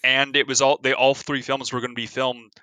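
Bright, dry-voiced young-sounding man chatting. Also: medium pitch, little pitch movement, fairly quick, dry recording. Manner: rambling, filler-heavy, lots of "like". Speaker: podcast co-host. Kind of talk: casual chat.

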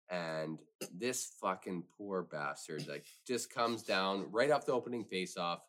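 Bright-voiced man rambling through a story. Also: low-pitched, moderate pace, few pauses. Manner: rambling storyteller with frequent fillers and swearing. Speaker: podcast guest. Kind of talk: casual podcast chat.

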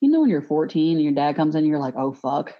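A woman's voice: low-pitched, quick pace. A woman in a casual podcast chat, telling a story bluntly, swearing freely and laughing along. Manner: blunt, profane, laughs through an animated story. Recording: muffled lo-fi podcast audio.

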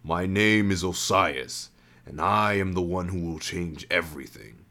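A man voices a contemptuous villain from a spoken story, passing judgment in a cold, accusing, scornful tone. His voice sits a little low and turns sharp with scorn, a little slow and heavily acted.

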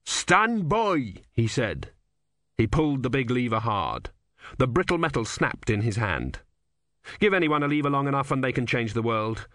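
A man reading an audiobook in a measured, wry storytelling manner. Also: mid-range voice, expressive, fairly bright tone, no room sound, studio quality. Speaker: audiobook narrator. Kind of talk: scripted narration.

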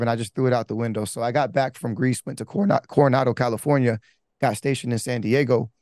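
Telling his life story candidly, a male pastor rambles at a quick pace in a steady, darkish mid-range voice. His casual testimony is full of slang, fillers, and restarts, captured in clean studio sound with no room sound.

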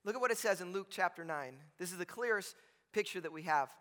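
A man preaching a sermon in a church sanctuary. His voice sits high and sounds bright and forceful. A long reverb rings around him from the big hall as he keeps checking in with the room. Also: lively intonation, quick pace. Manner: conversational and joking, constantly checks in with "right?". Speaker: pastor.

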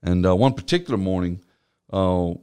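A man with a very low, warm and clean-toned voice shares his personal testimony in an interview at a moderate pace. A church business administrator on staff, he tells his story earnestly and reflectively.

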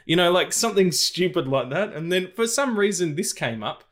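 A man's voice: sits high, lively intonation, a little fast. A man, co-hosting a casual film podcast, rambling with lots of fillers and restarts. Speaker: podcast co-host.

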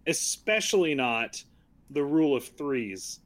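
A man co-hosting a podcast, reviewing a movie in casual chat, sarcastic and quick to laugh, with many "like" fillers. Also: medium pitch, fairly bright tone. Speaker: podcast co-host.

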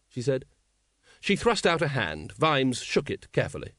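A man narrating an audiobook in a wry, measured manner. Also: mid-range voice, sing-song, dry recording, studio quality. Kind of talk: scripted narration.

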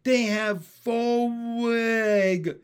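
Pin, a squeaky gleeful frog. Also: male voice, fairly even intonation, drawn-out words, clear, resonant tone, heavily acted. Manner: squeaky, shouting with glee. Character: excited young male frog prince, baby talk.

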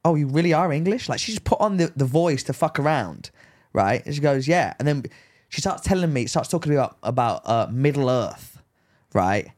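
A man's voice: medium pitch, big pitch swings, normal speed, a little mellow. A man co-hosting a podcast, telling a rambling story in casual chat, full of likes and rights. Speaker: podcast co-host.

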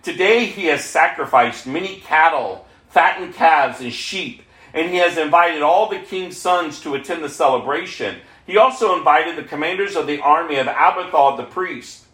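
A man's voice: a little high, moderate pace, a bit bright, natural voice. A man reading aloud the lines of an urgent prophet in a plain, earnest voice, in an echoey room. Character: Nathan, urgent male prophet warning the king.

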